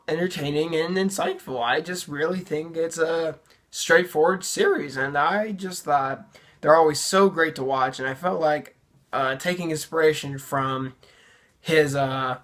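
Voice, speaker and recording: Teen youtuber roasting their own old vids, sarcastic, lots of ums, mid pitch. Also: a bit bright. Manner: sarcastic, self-mocking, many fillers. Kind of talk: casual reaction commentary.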